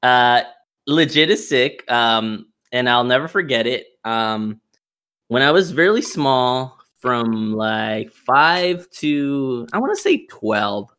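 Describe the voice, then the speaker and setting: Young man, laid-back podcast co-host, hesitant with lots of ums, expressive pitch. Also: slow pace, smooth. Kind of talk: casual chat.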